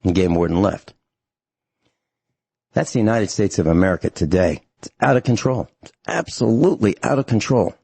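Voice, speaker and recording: A man's voice: lowish voice, brisk, vocal fry, long pauses, mellow, breathy edge, dry recording. A man hosting a talk radio show, ranting angrily and emphatically to his listeners.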